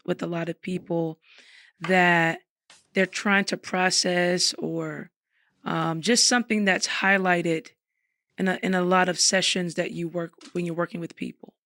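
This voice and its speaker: A woman hosting a casual discussion, enthusiastic and quick to interject with questions. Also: lowish voice, a bit bright, no echo, clean studio sound. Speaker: host.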